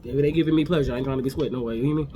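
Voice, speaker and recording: A man recapping reality TV in a casual, animated, gossipy way, acting out what people said. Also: mid-range voice, very fast, a little hiss or hum. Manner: animated, gossipy, acts out quotes. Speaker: recap host.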